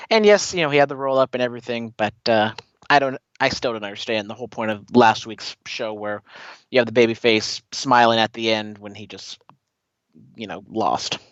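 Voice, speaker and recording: A man's voice: medium pitch, a bit bright, clear, resonant tone, dry recording, lo-fi sound. A man co-hosting a casual wrestling podcast, talking in long, opinionated runs full of "you know". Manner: rambling, opinionated, many you-knows. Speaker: podcast co-host.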